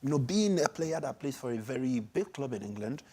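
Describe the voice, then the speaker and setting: A man from Nigeria co-hosting a sports show, talking in animated, excitable bursts with many restarts. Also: medium pitch, fairly quick, slightly rough. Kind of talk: casual sports chat.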